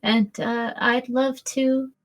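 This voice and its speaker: A soft, gentle woman musician, played by a woman in a tabletop game. She speaks quietly and a touch haltingly, her voice sitting slightly high. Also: level tone.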